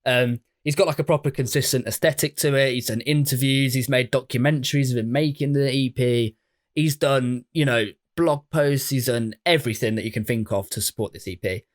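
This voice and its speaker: A man from England co-hosting a laid-back podcast, talking in a chatty, easygoing way. He swears casually and laughs often. His voice sits at a medium pitch. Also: fairly quick. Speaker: podcast co-host. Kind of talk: casual chat.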